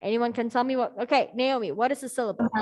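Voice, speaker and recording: A woman's voice: fairly high pitch, fairly even intonation, fast talker, a little mellow. A woman teaching an English grammar lesson over a video call, upbeat, checking in with the class often. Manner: upbeat, checks in often with "okay?" and "all right?".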